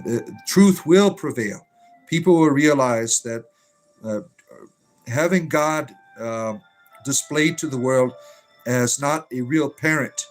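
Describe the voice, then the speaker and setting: A man hosting a casual livestream, reading chat aloud and talking in an irreverent, profane, rambling way with lots of fillers, sometimes drifting away from the mic. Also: mid-range voice. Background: faint music.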